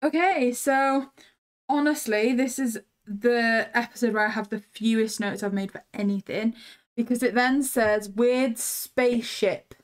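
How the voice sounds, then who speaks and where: Chatty British woman with a higher voice. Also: fairly even intonation, unhurried. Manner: chatty, teasing, tangent-prone, many "like" fillers. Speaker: co-host. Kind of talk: casual podcast chat.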